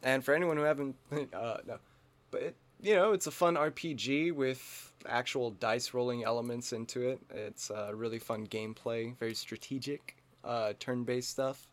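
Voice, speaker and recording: A man's voice: medium pitch, moderate pace. A man co-hosting a comedy podcast, joking around, riffing and talking over his co-host in casual chat.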